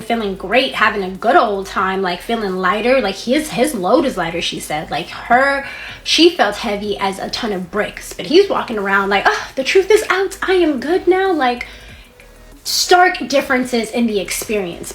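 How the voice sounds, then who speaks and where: A woman's voice: mid-range voice, normal speed. A woman chatting through a juicy storytime in a middle-range voice. She talks casually and gossips with feeling, jumping into the quoted lines with bursts of energy. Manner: animated, gossipy, acts out quotes. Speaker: storytime creator.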